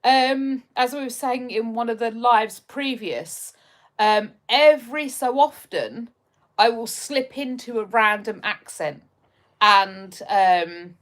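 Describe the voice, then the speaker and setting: A young woman from just outside London, England hosts a casual live stream, reading viewer comments in a slightly high voice at a slow pace. She's chatty and rambling, full of ums and restarts.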